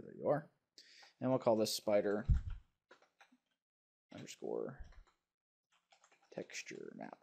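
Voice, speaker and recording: Man, tutorial narrator, relaxed, thinks aloud, mid-range voice. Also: mid-range voice, creaky. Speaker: software tutorial instructor. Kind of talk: screen-recorded software tutorial.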